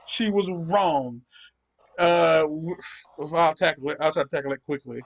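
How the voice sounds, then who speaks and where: A man's voice: on the high side, moderate pace. A young man hosting a gaming channel, ranting profanely in casual chat while he plays. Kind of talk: casual chat over gameplay.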